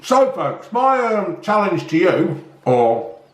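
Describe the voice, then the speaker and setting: A man's voice: sits high, sing-song, slow. A man, chatting casually to viewers and swearing freely as he makes food at home. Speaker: vlog host. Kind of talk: casual cooking vlog chat. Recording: echoey room.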